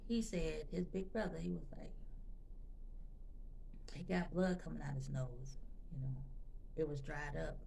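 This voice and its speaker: A woman's voice: low voice, steady tone, unhurried, creaky, long pauses, dark tone, a little hiss or hum. A woman vlogger telling a personal story to her viewers in a chatty, emotional way, often talking to them directly and repeating phrases for emphasis. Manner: emotional, intense when recounting.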